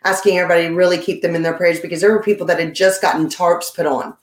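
A woman's voice: on the low side, fairly even intonation, rapid-fire, echoey room. A woman from Louisiana with no regional accent, a friendly interview guest who laughs often. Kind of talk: casual interview.

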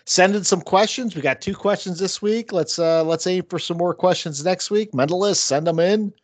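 A man's voice: high voice, moderate pace, no room sound. A man hosting a casual sports podcast, joking with his co-hosts. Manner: joking, animated sign-off. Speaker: podcast host.

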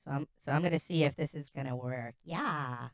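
Low-voiced woman podcast co-host. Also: fairly quick, crowd noise. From California. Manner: laughing, joking, reads out messages in a mocking voice. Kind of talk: casual chat.

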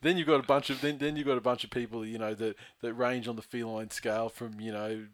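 A man's voice: mid-range voice, steady tone, fast talker, no echo. A man trading jabs about sport on a podcast, blunt and full of swearing. His voice sits mid-range. The sound is dry and close to the mic. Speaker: podcast co-host. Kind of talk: casual sports chat.

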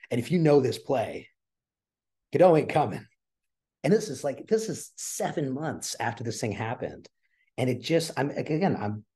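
A man with a deep, slightly husky voice speaks as a podcast guest. He talks with earnest, emotional energy, his voice catching as he is choked up. His words tumble out with restarts as he tells a personal story. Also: darkish tone. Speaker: podcast guest, theater producer. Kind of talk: conversational interview.

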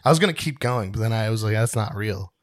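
A man's voice: on the low side, lively intonation, fast talker, no room sound, studio quality. A young man co-hosting a podcast in casual chat, rambling and poking fun at himself. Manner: rambling, self-mocking, laughs often. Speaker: podcast co-host.

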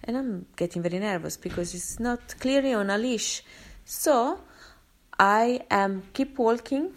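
A woman's voice: a little high, expressive, measured pace. A woman vlogger rambling through a personal story in a casual, chatty way, with many fillers and restarts. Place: London.

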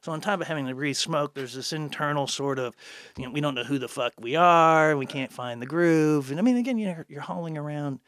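A man's voice: fairly high pitch, brisk, a bit bright, no echo, studio quality. An older man from Kansas, a bookstore owner and podcast guest, telling long rambling stories in casual conversation, laughing often and swearing freely.

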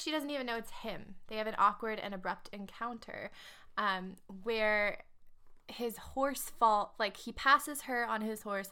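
A woman's voice: mid-range voice, pushed and bright. A young woman co-hosting a casual book podcast, chatty and wry, with frequent fillers and asides. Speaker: podcast co-host.

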